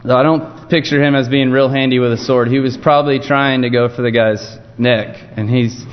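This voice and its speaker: A man preaching an informal evening sermon, telling a Bible story in a relaxed, conversational way. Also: medium pitch, normal speed. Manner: conversational, storytelling with frequent restarts. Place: church sanctuary. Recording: dull muffled sound with long church reverb.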